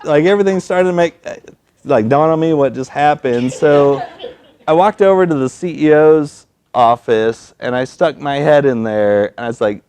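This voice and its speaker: A man at a storytelling event, telling a personal story in an animated, self-mocking way and acting out the people he quotes. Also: on the high side, normal speed, smooth.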